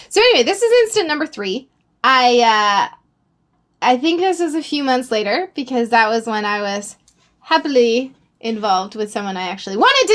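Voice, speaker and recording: A young woman vlogger telling a casual story, rambling and animated, with sudden exclamations. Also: on the high side. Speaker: YouTuber.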